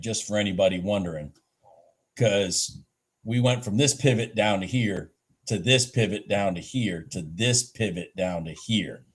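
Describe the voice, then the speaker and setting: A man giving casual live trading commentary, excitable and thinking aloud with frequent restarts. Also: fairly low pitch, slightly rough. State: a bit out of breath. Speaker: livestream day trader.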